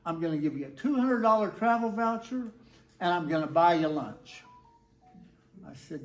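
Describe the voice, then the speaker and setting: A man's voice: high voice, very animated, very slow, pauses often, heavy background noise. An older man with a Texan accent, telling a folksy story to a live audience in a laid-back, whimsical way. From Texas. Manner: laid-back, folksy, acts out quoted dialogue. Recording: roomy hall echo.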